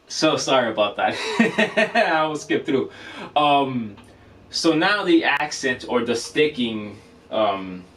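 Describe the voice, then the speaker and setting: A man's voice: mid-range voice, a bit bright. A man teaching drum rudiments in a casual, loose way, stopping to correct himself and apologize. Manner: casual, with many fillers and self-corrections, apologetic. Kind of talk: casual instructional demonstration. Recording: voice from a distance with faint noise.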